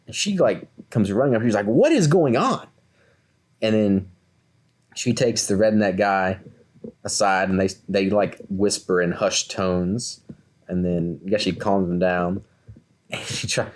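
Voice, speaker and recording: A man in his twenties, co-host of a podcast, telling a story in a casual way and acting out the voices of the people in it. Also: on the low side. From Kentucky, USA. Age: 20s. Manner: animated, acts out quoted voices.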